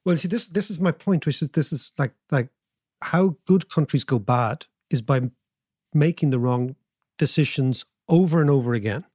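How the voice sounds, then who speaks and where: Man, podcast host, slightly high voice, rambling animated questions, dry recording. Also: normal speed, slightly rough, no echo. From Ireland.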